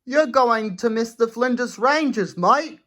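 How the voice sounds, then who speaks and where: A friendly, easygoing male train engine chats like a good mate, as a woman reader does his voice. His lines are laid-back and slow, with a lively rise and fall, read from a picture book. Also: a little high, pitched above the performer's own voice, full character voice.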